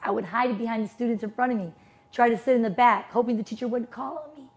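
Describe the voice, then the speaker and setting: A woman's voice: a little high, fast. A woman in her fifties, not a native English speaker, giving an emphatic personal testimony as a motivational speaker and posing rhetorical questions. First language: non-English household language.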